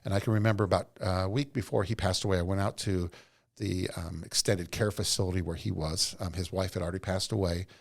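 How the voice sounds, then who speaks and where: A man's voice: low-pitched, steady tone, fairly quick, vocal fry. A middle-aged man, a podcast guest, telling earnest, rambling stories from his working life. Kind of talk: casual storytelling interview.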